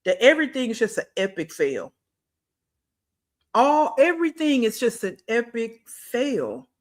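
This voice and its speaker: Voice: mid-range voice, sing-song, measured pace. A reaction channel host giving blunt, scolding commentary and talking back at a clip.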